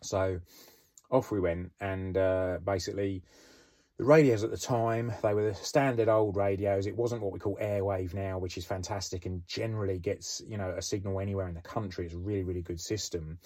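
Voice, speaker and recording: A middle-aged British former police officer recounting a case in a rambling, conversational way with many fillers. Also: male voice, low voice, fairly even intonation, fairly quick, dark tone. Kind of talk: storytelling podcast.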